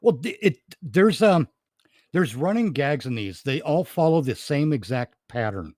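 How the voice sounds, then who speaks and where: A man's voice: on the high side, expressive, unhurried, a little mellow, no room sound, clean studio sound. A man casually chatting on a podcast, rambling and laughing at his own jokes. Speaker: podcast host and comedy writer. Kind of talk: casual chat.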